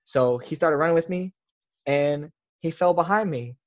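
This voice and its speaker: A man's voice: a little high, normal speed. Young guy on a podcast, rambly storytelling w lots of filler, slightly muffled audio. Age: young adult. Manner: rambling, heavy on filler words. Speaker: podcast guest. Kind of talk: casual storytelling.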